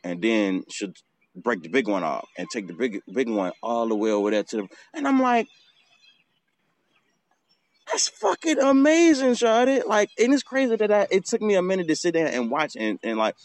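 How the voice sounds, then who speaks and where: A man's voice: lowish voice, expressive, a little fast, no echo. A man hosting a podcast outdoors, telling a casual, swearing story and acting out the bird calls. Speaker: podcast host.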